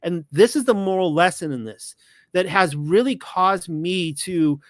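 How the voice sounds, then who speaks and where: A man's voice: high-pitched, measured pace, no echo. A man with a slightly raised voice, chatting as a podcast host in a loose, rambling way. He often restarts and corrects himself mid-thought. The recording is close and dry, with little room sound. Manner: retells stories with lively quoted dialogue. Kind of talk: casual monologue.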